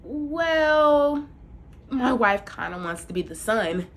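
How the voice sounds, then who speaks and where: A woman's voice: on the high side, lively intonation, slow pace, a bit bright, a little hiss or hum. A woman doing a meek, hesitant fisherman. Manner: hesitant, hedging.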